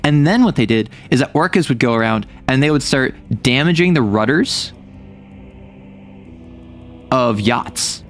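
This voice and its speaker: Young american dude rambling on stream, jokey, keeps interrupting himself, mid voice. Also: male voice, mid-range voice, expressive, unhurried, long pauses, soft background music. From United States. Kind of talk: casual chat stream.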